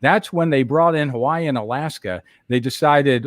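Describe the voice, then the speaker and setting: A man's voice: mid-range voice, normal speed, few pauses, no echo. Chatty man with a dry close sound. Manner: chatty storyteller, laughs often, gives travel tips. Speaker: co-host. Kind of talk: casual livestream chat.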